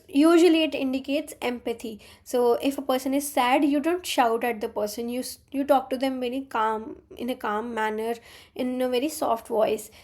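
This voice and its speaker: A young woman talks through quiz answers as a teaching assistant in a live online session. Her voice sits high, and she explains patiently, often stopping on "uh" and restarting a phrase. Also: a little mellow. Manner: explanatory, with frequent fillers and restarts.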